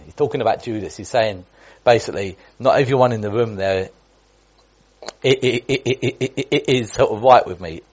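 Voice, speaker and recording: A man's voice: on the low side, normal speed, slightly rough, dull audio. A man giving an informal Bible teaching in a chatty way, restating points and restarting often. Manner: chatty, repetitive, with many restarts and asides.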